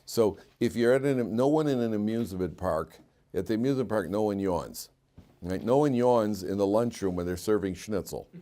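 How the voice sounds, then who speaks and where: Slow, loud stretching of key phrases marks this middle-aged rabbi's Torah teaching. He quizzes his students, then goes low and quiet whenever he delivers a wry aside.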